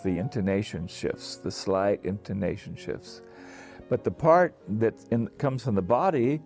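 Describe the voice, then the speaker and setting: A man teaching singing, explaining calmly to camera with many restarts and short sung demonstrations. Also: lowish voice. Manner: relaxed, thinking aloud with restarts and sung demonstrations.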